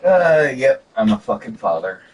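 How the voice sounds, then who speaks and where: Lol foul-mouthed gamer dude, kinda raspy, voice bounces all over, faint music behind. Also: male voice, medium pitch, sing-song, moderate pace, low-quality recording. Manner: profane, joking, laughs often. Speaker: streamer. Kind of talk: casual gameplay commentary.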